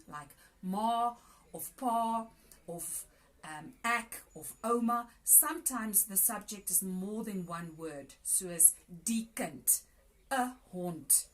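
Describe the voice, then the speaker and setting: A woman teacher giving a recorded lesson to young pupils, explaining grammar rules patiently and repeating them. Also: mid-range voice. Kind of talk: recorded grade 4 language lesson.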